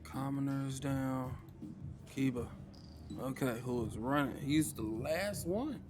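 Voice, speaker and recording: A man's voice: mid-range voice, slow pace, music in the background. A man, narrating a tabletop game as game master in a casual way, sighing and muttering to himself.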